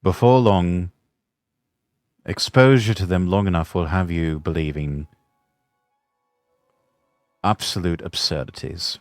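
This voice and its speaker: Man, streamer, very deep voice, deadpan mock-formal, dry close sound. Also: slow, pauses often, dry recording, soft background music. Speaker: streamer host. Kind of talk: casual stream chat.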